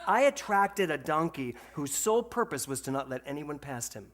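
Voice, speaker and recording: A man giving a storytelling sermon to a congregation, animated and laughing, then slowing to a soft, reflective tone for spiritual points. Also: a little high. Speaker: spiritual center speaker. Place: speaking to a congregation with slides.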